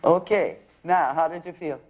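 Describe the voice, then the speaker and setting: A man's voice: on the high side, moderate pace. A man, an acting teacher, giving direct coaching feedback with probing questions. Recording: thin phone-like sound.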